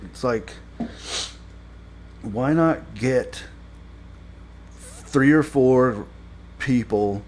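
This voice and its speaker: A man's voice: medium pitch, drawn-out words, long pauses, a little mellow. A man giving a casual spoken review of a TV episode. He rambles with many fillers and grows exasperated when he complains.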